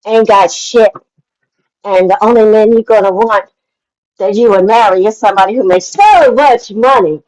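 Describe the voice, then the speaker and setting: A woman's voice: mid-range voice, a little mellow, low-quality recording. A woman in her seventies, a guest on a livestream panel, scolding and talking over another guest in a heated argument. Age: 70s. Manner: scolding, condescending, talks over others.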